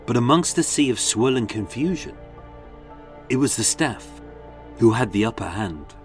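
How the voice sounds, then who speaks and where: Animated male true-crime narrator. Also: mid-range voice, normal speed, faint music behind. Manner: dramatic, animated storytelling.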